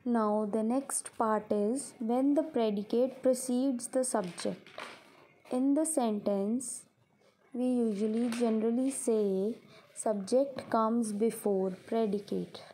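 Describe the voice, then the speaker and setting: A woman's voice: a little high, slow pace, mellow, a little hiss or hum. A woman teacher explaining grammar to a class step by step, repeating her examples.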